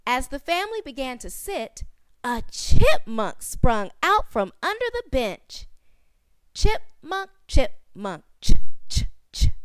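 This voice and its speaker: Brief: woman phonics teacher, slow and clear, repeats each sound softly. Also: high voice, no echo, studio quality. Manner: stretches and repeats sounds, drops to soft repeats. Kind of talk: slow storybook phonics reading.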